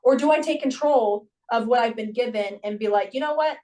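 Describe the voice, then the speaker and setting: Animated young woman, a little off-mic. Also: on the high side, a little fast, recorded from a distance, poor audio. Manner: animated storyteller who acts out her own and children's voices. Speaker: gymnastics coach and podcast guest. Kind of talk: casual conversation.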